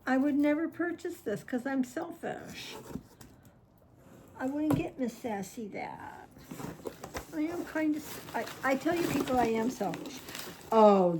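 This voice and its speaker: Slow, gushing woman opening fan mail. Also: high-pitched, background noise. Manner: gushing and excitable, talks to her cat and viewers; slow, chatty, trails off mid-sentence. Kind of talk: casual chat to camera.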